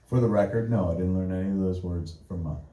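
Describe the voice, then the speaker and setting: Profane, animated male storyteller in an echoey room. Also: deep voice, quick pace. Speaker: podcast host. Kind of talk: live podcast storytelling. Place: live stage before an audience. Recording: echoey live venue from far off.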